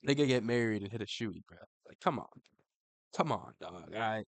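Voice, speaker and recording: Slangy young man, low voice, dry sound. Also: lively intonation, moderate pace, vocal fry, no echo. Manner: slangy, profane, says "bro" constantly. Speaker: MMA commentator. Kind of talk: casual ranking commentary.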